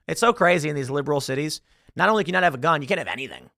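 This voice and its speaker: A man hosting a podcast, giving casual commentary as an animated, rambling storyteller. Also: on the high side, racing, gravelly, no echo, studio quality. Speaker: podcast host.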